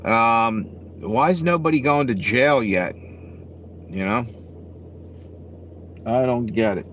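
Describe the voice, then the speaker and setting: A man's voice: medium pitch, takes it slowly, a bit bright. A middle-aged man live-streaming, chatting casually with viewers in a blunt, profane, rambling way. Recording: faint background noise.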